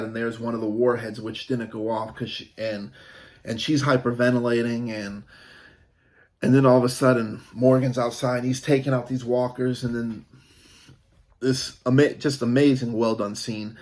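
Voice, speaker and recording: A man's voice: medium pitch, darkish tone. A man giving a casual, rambling review of a TV episode, with many fillers and restarts.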